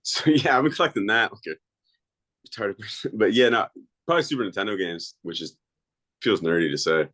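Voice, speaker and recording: A man's voice: lowish voice, lively intonation, fairly quick, long pauses, fairly bright tone. A man being interviewed as a league coach, answering casually and thinking aloud with hums.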